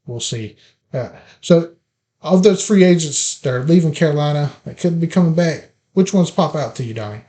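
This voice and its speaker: A man hosting a casual sports podcast, listing players in a relaxed, chatty way. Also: on the high side, normal speed. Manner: opens with playful scripted biblical flood wordplay, then relaxed listing. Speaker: podcast host.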